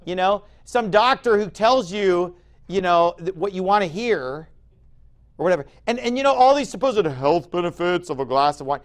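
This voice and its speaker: A pastor in his forties preaching a sermon in an emphatic, conversational way, with sudden loud bursts. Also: sits high, animated, moderate pace.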